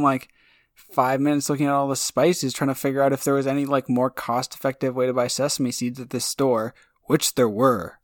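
A podcast co-host with a medium-pitched voice chats casually, recorded dry in studio quality. His stories wander and ramble, packed with filler words.

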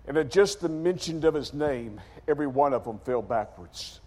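A man preaching a sermon as dramatic storytelling, acting out scenes in character voices and swinging from shouts to quiet. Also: fairly high pitch, expressive, normal speed, hardly any pauses. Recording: long hall reverb.

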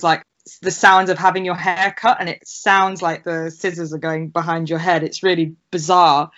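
A woman talking in a relaxed podcast conversation, with a slightly low voice. She explains things at length, full of "like" and "sort of". The recording sounds dull and lo-fi. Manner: explains at length with many "like" fillers. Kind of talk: casual chat.

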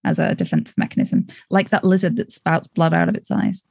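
Chatty English woman with a gravelly edge. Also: low-pitched, very animated, a little fast, darkish tone, no room sound, clean studio sound. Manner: chatty, tangent-prone, laughs often. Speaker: podcast co-host. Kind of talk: casual chat.

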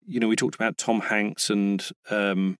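A man's voice: on the low side, flat delivery, moderate pace, smooth, dry recording. British man, dry close mic. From Britain. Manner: chatty, hesitant with frequent restarts. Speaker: voice actor, guest. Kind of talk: casual interview chat.

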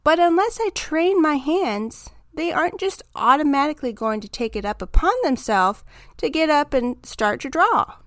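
A woman hosting a self-help podcast, talking through her ideas in a calm, reflective, encouraging monologue. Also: sits high, no room sound, studio quality. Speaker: podcast host.

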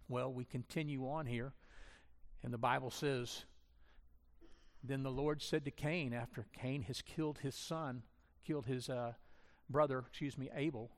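A man's voice: medium pitch, fairly even intonation, a little slow. A man preaching a sermon as pastor, conversational and self-deprecating, acting out the voices he quotes. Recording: long reverb of a large hall.

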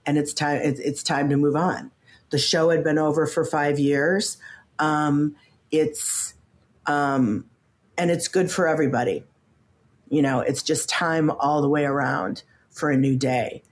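A coach and author in her fifties speaks as a guest on a podcast in a relaxed interview. Her voice is deep and low, her pace measured, and she's lively, often stumbling over the first word of a thought and performing the voices of people she quotes.

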